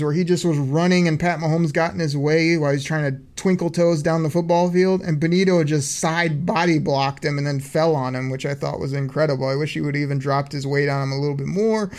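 An excited man hosts a casual sports podcast, walking through game plays from his notes like play-by-play. His voice sits a touch higher than most men's. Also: brisk. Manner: hyped play-by-play recapping from notes. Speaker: podcast host.

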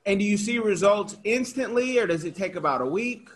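Male interview host, high voice, chatty, animated, stumbles and restarts, casual. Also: fairly quick. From Oakland, California. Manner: talkative, animated, frequent restarts. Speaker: podcast host.

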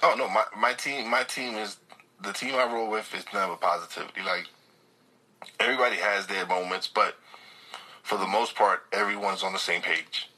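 A man's voice: fairly low pitch, moderate pace, pushed and bright, breathy edge, poor audio. A man chatting casually as a guest, talking earnestly and repeating words as he restarts, close to a dynamic mic. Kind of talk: casual chat.

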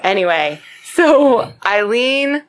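A woman hosting a podcast, casually retelling a true crime story with lots of swearing and animated acted-out quotes. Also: on the high side, takes it slowly. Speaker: podcast host.

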